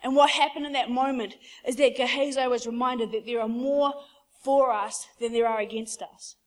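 A woman preaches with fervent conviction, her voice sitting a touch high. She tells her story casually and conversationally, like chatting with the congregation. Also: steady tone, moderate pace. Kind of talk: sermon.

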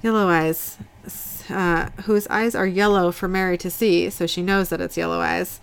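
A woman's voice: fairly low pitch, steady tone, moderate pace, gravelly, clean tone. A woman co-hosting a podcast, reading scene dialogue from her notes in a casual recap. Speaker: podcast host recapping an episode.

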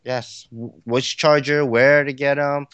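一位男性播客联合主持人，随意闲聊，说话啰嗦，常带填充词，笑声不断。. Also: male voice, mid-range voice, fairly even intonation, measured pace, fairly bright tone, clear, resonant tone, dry recording, highs cut off. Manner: rambling, filler-heavy, laughs easily. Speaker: podcast co-host. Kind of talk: casual chat.

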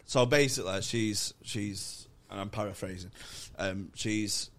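Man, gravelly, sweary rambling storyteller, casual podcast chat. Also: lowish voice, a little slow, a bit bright. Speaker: comedy podcast co-host.

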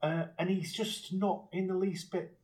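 A man's voice: sits high, level tone, measured pace, darkish tone. Chuckling, rambling male podcast co-host. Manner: rambling and chuckling, with frequent restarts and swearing. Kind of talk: casual film-discussion chat.

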